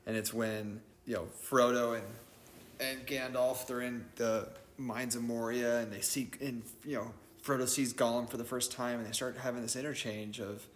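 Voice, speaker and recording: Earnest, halting man on a podcast. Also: mid-range voice, fairly even intonation, crowd noise. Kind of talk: casual podcast chat.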